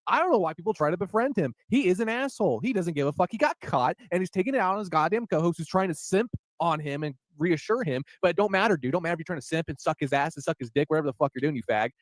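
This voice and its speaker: Fast, crude, mocking man. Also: on the high side, expressive, no room sound. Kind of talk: casual heated chat.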